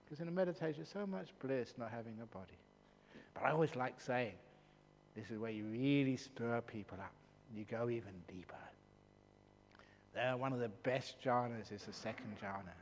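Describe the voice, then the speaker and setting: A man, a Buddhist monk, giving a humorous dharma talk, playful and teasing, dropping at times to hushed passages, in an echoey hall with a faint hum. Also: mid-range voice.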